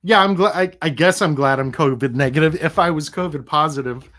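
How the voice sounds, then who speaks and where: A man's voice: fairly high pitch, a little fast, a bit bright. A middle-aged man who is sick and recovering, hosting a casual livestream and chatting in a rambling, easygoing way, laughing now and then. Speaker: livestream host.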